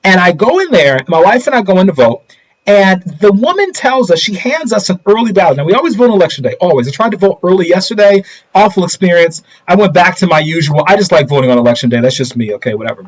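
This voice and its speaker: A man's voice: sits high, animated, quick pace, low-quality recording. A middle-aged man hosting a casual political commentary livestream, talking straight to viewers and asking them rhetorical questions.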